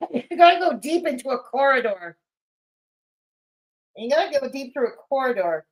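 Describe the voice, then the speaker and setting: A woman's voice: high voice, big pitch swings, moderate pace, low-quality recording. A woman hosting a live-stream, commenting on clips in a sarcastic, mocking way. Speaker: commentary channel host.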